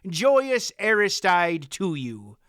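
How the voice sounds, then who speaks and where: A man voicing a stubborn, pious older male farmer who speaks firmly and flatly. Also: high-pitched, slow, clear, resonant tone, no echo, clean studio sound, voice pushed up, full character voice. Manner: firm, flat, stubborn.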